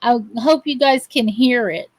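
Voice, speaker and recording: Slow, high-voiced chatty woman. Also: slight background noise, rough recording. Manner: chatty, greets viewers by name. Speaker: crafting channel host. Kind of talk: live crochet chat with viewers.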